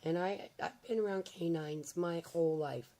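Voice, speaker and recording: An older woman vlogging to camera, hoarse and raspy from losing her voice, talking in a rambling, heartfelt way with hesitant fillers. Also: on the low side, moderate pace, dark tone. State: hoarse, nearly lost voice. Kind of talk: casual to-camera chat.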